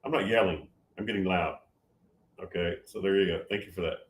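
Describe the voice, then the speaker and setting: Excitable 71-year-old man in an echoey room. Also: low-pitched, a little fast. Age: 70s. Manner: gets loud and excited, many restarts. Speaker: livestream host answering chat. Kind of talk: casual livestream talk.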